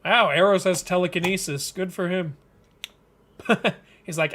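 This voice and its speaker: He reads a webcomic live, offering casual stream commentary full of chatter, laughter and jokes about the story. The voice is high and fairly bright, delivered a little slowly.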